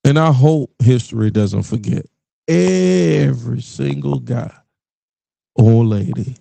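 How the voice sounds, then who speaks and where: A man's voice: medium pitch, slow, gravelly, no echo. A middle-aged man from the Richmond, Virginia area hosting a podcast, ranting bluntly and profanely in a casual monologue. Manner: blunt, profane, animated rants with laughs. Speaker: podcast host.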